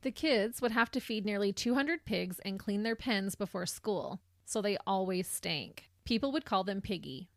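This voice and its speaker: A woman co-hosting a true crime podcast, reading the case in measured narration with a laugh now and then. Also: medium pitch, no room sound, studio quality. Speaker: podcast co-host.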